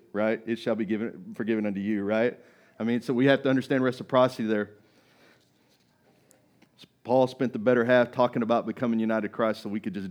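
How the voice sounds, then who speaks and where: A middle-aged man preaching a sermon as pastor, conversational, often asking "right?" and swinging between loud and quiet. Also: mid-range voice. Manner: conversational, rising and falling in loudness, tag questions.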